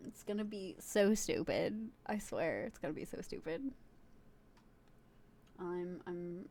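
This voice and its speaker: A woman's voice: lowish voice, slow pace, creaky, pauses often, a little mellow. A woman streaming live, chatting casually and giggling, swearing freely as she talks to her viewers and a friend in chat.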